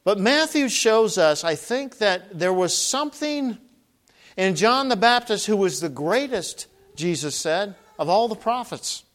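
High-voiced man preaching earnestly. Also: animated, fairly bright tone. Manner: earnest preaching, rising to emphatic calls; rhetorical questions with long pauses. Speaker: pastor. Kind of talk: sermon.

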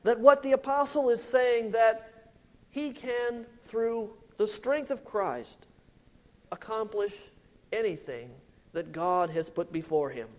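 A male pastor delivers a sermon in an unhurried, measured way. His voice sits fairly high, and he leans on important words before letting each phrase sink to a quieter close. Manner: slow, deliberate, emphatic preaching with drops in volume at phrase ends.

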